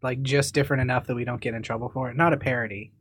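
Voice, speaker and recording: A man of middle pitch co-hosting a podcast, chatting loosely and joking with his friend. He tells funny stories, breaks into bits of song and admits he shifts around a lot. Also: steady tone, rapid-fire, a bit bright, no echo. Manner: joking, sings song snippets, restless. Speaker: podcast co-host. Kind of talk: casual chat.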